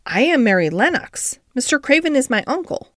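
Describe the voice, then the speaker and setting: A woman's voice: sits high, big pitch swings, moderate pace, a bit bright, no room sound, studio quality, voice pushed up. A woman voicing a blunt, curious young girl in an audiobook, direct and questioning.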